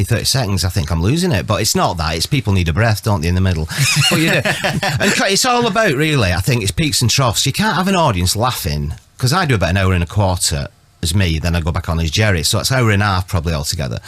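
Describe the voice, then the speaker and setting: A man's voice: on the low side, a bit bright, no echo. A middle-aged man telling rambling comic anecdotes, chatty and self-mocking. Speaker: comedian.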